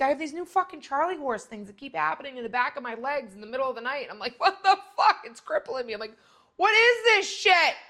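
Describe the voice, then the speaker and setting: A middle-aged woman hosting a podcast, talking bluntly in a rambling, profane monologue that jumps to loud, high exclamations. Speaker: podcast host. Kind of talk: casual monologue.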